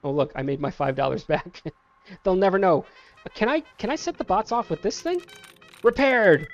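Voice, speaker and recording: A man's voice: high-pitched, animated, normal speed, dull audio, faint music behind. Playful man scolding game characters. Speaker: gameplay streamer. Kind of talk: casual let's-play commentary.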